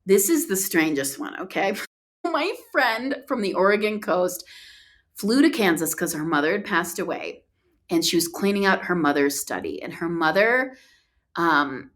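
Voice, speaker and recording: A woman on a podcast as a guest, telling a story with animated, acted-out dialogue and frequent laughs. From United States. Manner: acts out quoted dialogue with big pitch jumps, laughs often.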